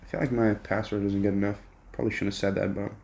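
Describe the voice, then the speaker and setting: A young man filming a casual unboxing, excitable and swearing often, jumping between hushed whispers and squeals. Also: fairly low pitch, quick pace, vocal fry, a little hiss or hum. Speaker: vlogger.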